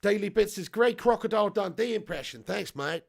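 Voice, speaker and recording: A man in his thirties with a high, heavily gravelly voice hosts a live football watch-along. He chats loosely, swears freely and laughs as he reads viewer comments and calls the action. There is a raspy fry running through his speech. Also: animated, fairly quick. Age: 30s. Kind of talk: casual live match commentary and chat.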